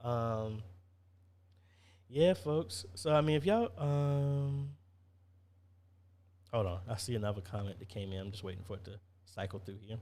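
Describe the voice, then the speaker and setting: A man's voice: medium pitch, measured pace, long pauses, a little mellow. A man hosting a casual live-stream Q&A, chatty, reading viewer comments aloud and answering them.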